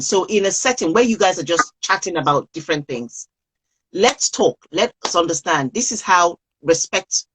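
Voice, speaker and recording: A woman's voice: on the low side, a bit bright, breathy edge, low-quality recording. A woman coaching parents on a live video call, speaking earnestly and repeating key phrases for emphasis.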